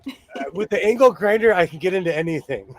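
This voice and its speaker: A man with a fairly high speaking voice hosts a loose, casual chat. He rambles from story to story and keeps cracking jokes. He sounds at ease, talking from his sewing room at home. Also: lively intonation, a little fast. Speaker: host.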